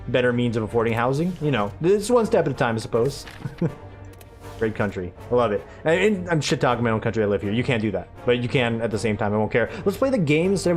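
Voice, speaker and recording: A man's voice: medium pitch, a little mellow. Brief: man, mid-range voice, casual let's-play chatter, sarcastic and rambling, faint music behind. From United States. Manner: rambling, sarcastic, joking asides. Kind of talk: casual gameplay commentary.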